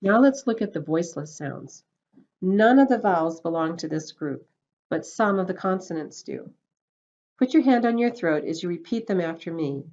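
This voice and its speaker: A woman's voice: on the low side, lively intonation, normal speed, a little mellow. A woman with a North American accent teaching pronunciation, carefully enunciating word pairs for learners to repeat. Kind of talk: slow, clear teaching delivery. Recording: slightly dull lo-fi audio.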